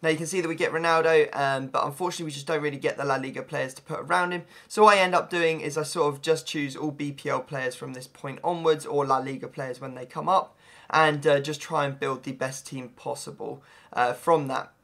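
Hoarse, bright-voiced gamer. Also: male voice, a little high, brisk. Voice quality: gravelly. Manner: chatty, excitable, rambling. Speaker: gaming YouTuber. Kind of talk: gameplay commentary.

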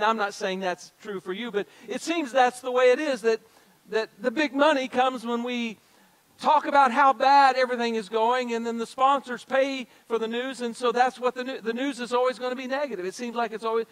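High-voiced man preaching a sermon. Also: fairly bright tone, low-quality recording. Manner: addresses congregation directly, repeats key phrases. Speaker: pastor. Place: church sanctuary.

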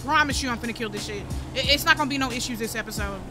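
A woman doing casual let's-play commentary, loud and playful, swearing often and talking to viewers and the game characters. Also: on the high side, very fast. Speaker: gaming streamer. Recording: game audio and music behind.

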